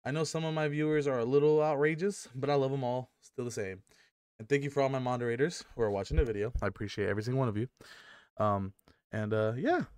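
Speaking fast in a smooth, slightly mellow mid-range voice, this young gaming YouTuber rambles and jokes to camera at home with his dog. He swears freely and leans on ums to fill gaps, recorded on a headset.

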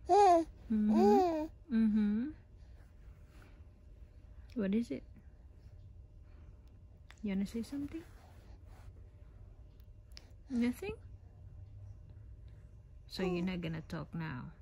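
Slow, whispery cooing mother. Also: fairly high pitch, big pitch swings, dark tone, a little hiss or hum. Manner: playful cooing, often whispering. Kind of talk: baby talk to an infant.

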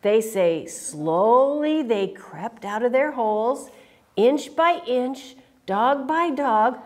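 High-voiced woman reading storytime to small kids, sing-song and very lively. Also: takes it slowly. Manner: animated, sing-song, coaxing. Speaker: children's storyteller. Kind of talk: storytime read-aloud to children.

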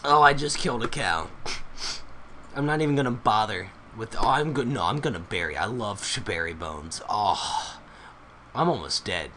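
A man recording himself at home while he plays a computer game, excitable, exclaiming often and swearing freely. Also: on the low side, moderate pace, a little hiss or hum. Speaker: gamer recording his play. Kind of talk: casual gameplay vlog.

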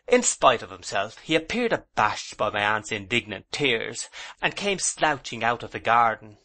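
A man narrating a classic novel as an audiobook in a measured, plain storytelling manner. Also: medium pitch, big pitch swings, bright, forceful tone. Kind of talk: scripted narration.

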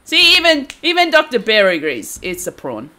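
A woman's voice: a little high, huge pitch swings, normal speed, bright, forceful tone, faint music behind. A young American woman chatting casually on a game live stream, teasing her chat playfully and laughing all the time.

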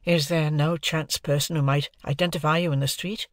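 A man doing a fretful young gentleman. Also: a little high, fairly even intonation, normal speed, dry recording, studio quality, natural voice. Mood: anxious. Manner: tense, pleading questions. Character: anxious young gentleman, fearful and strained.

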